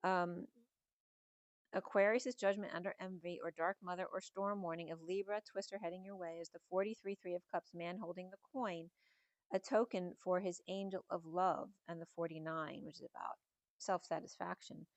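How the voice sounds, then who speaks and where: A middle-aged woman, slightly hoarse, giving a spiritual tarot reading in a musing, meandering way that strings numbers and symbols together. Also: fairly low pitch, steady tone, normal speed, no echo. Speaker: tarot reader.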